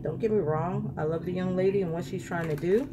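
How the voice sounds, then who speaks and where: A woman's voice: lowish voice, brisk, background noise. A woman chatting to her viewers while doing a makeup tutorial, ranting casually about lashes and palettes. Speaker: beauty vlogger.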